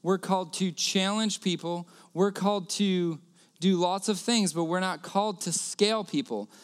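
Male preacher, high and smooth voice, earnest sermon storytelling with repeated key lines. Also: moderate pace.

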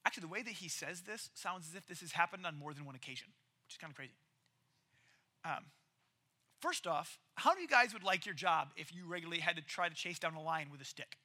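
A man preaching a casual, story-driven sermon in a lively, conversational way. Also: a little high, fast. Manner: lively, conversational, acts out quoted characters.

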